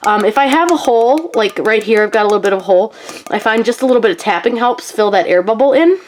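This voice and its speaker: A woman's voice: fairly high pitch, lively intonation, fast, a little mellow, slight background noise. A woman with a cold and a nasal voice, chatting casually through a craft tutorial with frequent ums and likes. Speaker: craft channel host.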